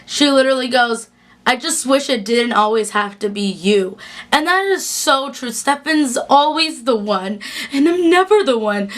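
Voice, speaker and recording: A young woman gushing through a casual episode recap in a chatty, excitable way, full of "like". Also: fairly high pitch. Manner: gushing, chatty, fast bursts with fillers like "like". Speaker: TV recap vlogger.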